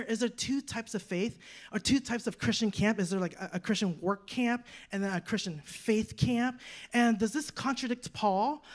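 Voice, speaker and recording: A woman in her thirties preaching a sermon, telling a personal story with lively, acted-out quotes and frequent rhetorical questions. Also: fairly high pitch. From United States. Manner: animated storytelling, acting out quoted voices, rhetorical "right?". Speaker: guest preacher.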